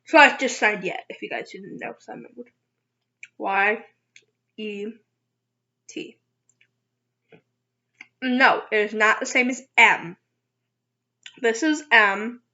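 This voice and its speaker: A woman's voice: medium pitch, slow, long pauses, sharp tone. A young woman chatting casually in an eating vlog, rambling and giggling at herself, with a dull lo-fi recording. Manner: giggly, rambling, self-teasing. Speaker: vlogger. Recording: dull lo-fi sound.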